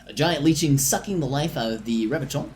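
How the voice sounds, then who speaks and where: A tired, middle-aged police detective from a video game, asking plain questions, read aloud by a streamer. The pitch moves in a lively way. A faint hiss sits behind the voice. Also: a little fast, lightly acted. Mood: questioning. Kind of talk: reading game dialogue aloud on a live stream.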